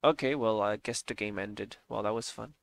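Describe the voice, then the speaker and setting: Gravelly-voiced man doing let's play commentary. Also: on the low side, normal speed. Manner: bemused, laughing, talks to himself. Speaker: game reviewer. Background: game music.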